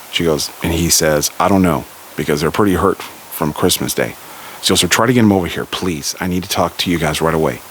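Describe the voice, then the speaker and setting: A man's voice: low voice, slight background noise, rough recording. A man from Southern California telling a story casually, relaying a conversation with frequent "he goes" and "she goes.".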